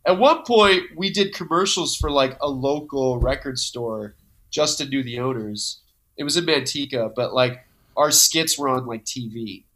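Male guest, comedy creator, lively anecdotal storyteller, bright tone, casual and profane. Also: mid-range voice, measured pace. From Modesto, California. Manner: animated, swears freely, acts out quotes.

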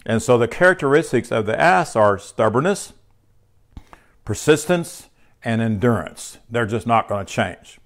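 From a room at home, a man with a medium-pitched, expressive voice teaches a spiritual lesson at a measured pace. He sounds tired and speaks conversationally, with fillers, restarts and self-corrections.

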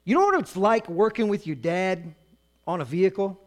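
A middle-aged male pastor preaching a sermon in a conversational way, with humor and quick acted-out asides. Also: high-pitched, big pitch swings.

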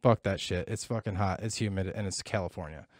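A man telling a profane story in casual chat, getting animated as he tells it. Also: low-pitched, a little fast, no room sound.

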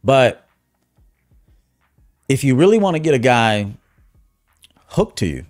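Guy doing a dating-coach livestream, blunt, goes quiet then loud, mid-pitch, dry sound. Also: very animated, takes it slowly, no echo. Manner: blunt, swings from low asides to loud emphatic bursts. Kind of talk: casual livestream monologue.

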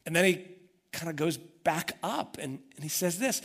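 A man's voice: on the high side, animated, normal speed, a bit bright, husky. A man preaching a sermon, telling the story with energy and acting out the voices of the people in it. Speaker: pastor.

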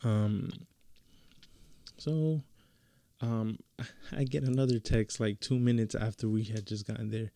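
A man's voice: lowish voice, fairly even intonation, slow, pauses often, mellow, dry recording. A young man telling a story in a casual, slangy way, full of fillers and restarts.

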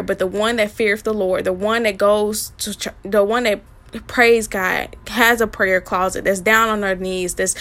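Woman, casual devotional talk, earnest and halting. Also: mid-range voice, a bit bright. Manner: earnest, repetitive, many ums and restarts. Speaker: online faith speaker and small business owner.

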